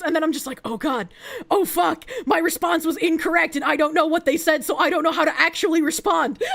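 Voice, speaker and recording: High-voiced young woman streamer, swearing. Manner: profane, giggly, rambling with many fillers. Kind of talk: casual livestream chat.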